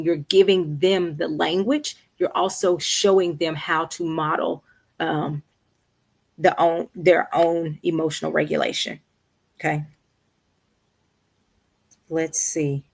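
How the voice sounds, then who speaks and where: Low-voiced woman counselor, conversational. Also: steady tone, takes it slowly, creaky, pauses often, darkish tone. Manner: conversational, checks in with "right?" and "okay". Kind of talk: live-streamed Q&A advice. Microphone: streaming setup.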